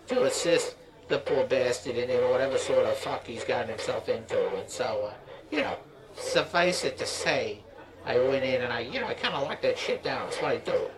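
Comic bit: man playing a sleazy braggart lawyer, lively swooping delivery, crowd noise behind. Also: medium pitch, close to an everyday voice, rough recording. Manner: swaggering, profane, rambling bravado. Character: crude boastful male lawyer, sleazy braggart.

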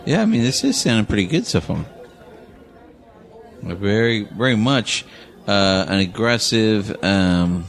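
Low-voiced man musing over a song. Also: animated, measured pace, pauses often. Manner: musing, chatty, jokey. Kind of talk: casual chat.

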